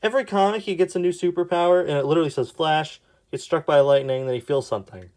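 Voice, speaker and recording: A young man casually commenting as he reads his old comics aloud, sarcastic and exasperated, with quick asides. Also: a little high, a little mellow. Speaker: YouTube artist.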